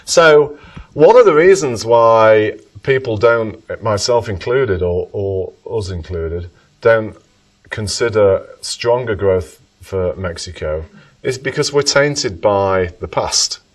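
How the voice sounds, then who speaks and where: A man's voice: fairly low pitch, lively intonation, slow. A man giving an economics talk to an audience and answering questions, thoughtful and emphatic, often correcting himself as he goes. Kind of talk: lecture with audience Q&A. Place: lecture room. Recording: voice from far off the mic.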